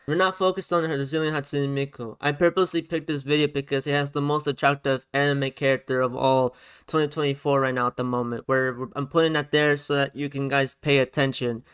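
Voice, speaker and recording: His voice is medium-pitched, clear and resonant, and he talks a little fast. As a music reaction YouTuber, he gives a loose, animated rant over the track, circling back to the same points about its production and sounds.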